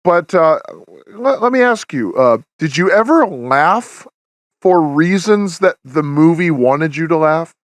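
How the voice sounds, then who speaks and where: A man with a somewhat high voice talks through a film's plot in a loose, rambling way, full of restarts and fillers. The sound is dry and close, with no room around it. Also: expressive, a little slow, no room sound. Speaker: podcast host. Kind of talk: casual review chat.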